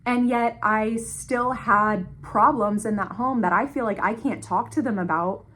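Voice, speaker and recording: A woman's voice: fairly high pitch, a little slow, fairly bright tone, slight background noise. Candid young woman telling her story. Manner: candid, emphatic, repeats for stress. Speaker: former foster youth telling her story. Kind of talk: personal storytelling to viewers.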